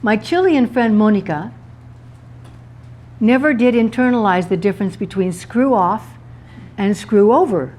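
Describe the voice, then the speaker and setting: A woman's voice: mid-range voice, unhurried, long pauses, darkish tone, a little hiss or hum. A woman author giving a talk to a live audience about words, playful and laughing at her own wordplay.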